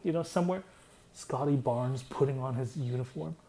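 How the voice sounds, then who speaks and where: Rambling young man, mellow voice. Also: medium pitch, normal speed, a little hiss or hum, poor audio. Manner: loose and rambling, heavy on "like" fillers. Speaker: songwriter explaining his song. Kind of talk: casual rambling explanation.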